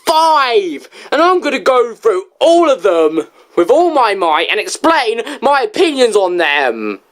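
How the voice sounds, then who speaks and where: A woman's voice: a little high, very animated, a little slow. A woman giving a casual video game review, sarcastic and ranting, full of rhetorical questions and exasperated asides.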